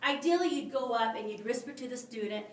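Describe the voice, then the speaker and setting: A woman's voice: a little high, animated, fairly quick. A woman teacher trainer explaining classroom discipline strategies, posing frequent rhetorical questions to her listeners. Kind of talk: instructional talk with demonstrations. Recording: roomy, mic at a distance.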